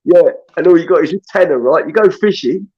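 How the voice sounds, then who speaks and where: Man, casual rambling chat, slightly high voice, muffled call audio. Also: fairly quick, breathy edge. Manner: rambling, friendly, says mate a lot. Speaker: guest caller. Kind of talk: casual chat on a live panel.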